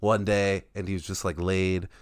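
A man's voice: low voice, flat delivery, moderate pace, smooth, no echo, clean studio sound. A man in his twenties, chatting casually and rambling with lots of filler words. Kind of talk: casual chat.

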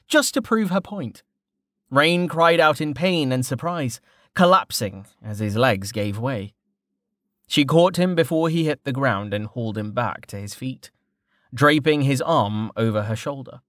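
Expressive male audiobook narrator, dry sound. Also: medium pitch, no room sound. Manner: expressive, varied. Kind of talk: scripted fantasy narration.

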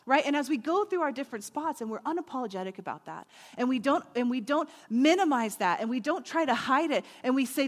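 Woman preacher, somewhat high voice, animated and playful sermon, long hall reverb. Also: brisk, hardly any pauses.

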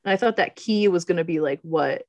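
A woman's voice: lowish voice, a little fast, darkish tone, dry recording, lo-fi sound. A woman in casual chat, recapping a movie plot with frequent laughter and acted-out quotes. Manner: laughs often, acts out quoted lines. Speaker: podcast co-host recapping a movie.

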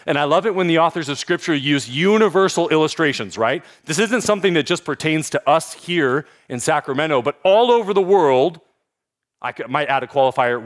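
Male pastor, sermon delivery, hushed lows rising to announcer-style highs. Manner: swings from hushed emphasis to loud announcer-like build-ups. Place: church in Sacramento.

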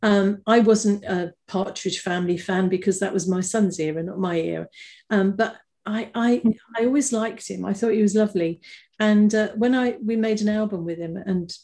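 A woman's voice: medium pitch, normal speed. An older woman, a guest in a casual interview, chatting through fond stories with restarts and bursts of laughter. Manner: chatty, warm-hearted anecdotes with frequent restarts and laughter. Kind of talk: casual conversational storytelling.

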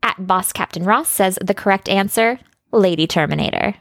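A woman of middling pitch co-hosting a podcast, chatting casually and tossing in short, agreeing replies. Her voice is recorded dry and close, with no room sound. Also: gravelly, no room sound. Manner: quick agreeing replies, laughs along. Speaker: podcast co-host. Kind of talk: casual chat.

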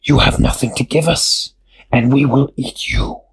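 A man voicing a huge, sly, hungry spider in a told story, speaking in slow, low, whispery threats. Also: fairly even intonation, breathy edge. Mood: menacing. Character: big menacing spider chief, hungry and sly.

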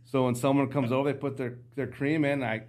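A man's voice: mid-range voice, fairly quick. A man guesting on a podcast, telling hunting stories casually and acting out the dialogue. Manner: animated anecdotes, acts out dialogue. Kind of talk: casual storytelling.

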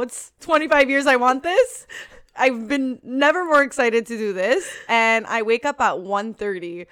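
Woman, twenties, podcast co-host. Clear, smooth voice, close and dry. Animated storyteller who laughs often. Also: a little high, a little slow, no room sound. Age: 20s. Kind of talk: casual chat.

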